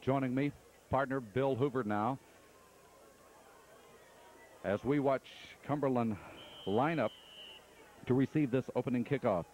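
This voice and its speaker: A man doing radio play-by-play of a football game from the press box, calling each play briskly and steadily. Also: mid-range voice, darkish tone, slight background noise. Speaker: play-by-play announcer.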